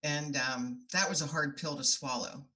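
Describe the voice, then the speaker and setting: Woman, middle-aged, podcast guest, low voice, earnest heartfelt storytelling. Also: steady tone, moderate pace, sharp tone. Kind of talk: podcast interview.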